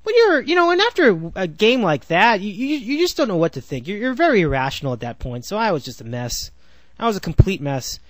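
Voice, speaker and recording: A man's voice: sits high, very animated, fairly quick, no room sound. A man in his twenties hosting a solo sports podcast, rambling with sarcastic asides and frequent self-corrections. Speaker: podcast host.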